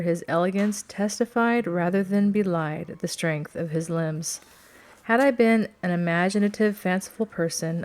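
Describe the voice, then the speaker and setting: A woman reading a novel aloud as scripted narration, in a measured, steady storytelling manner. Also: on the low side. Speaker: audiobook reader.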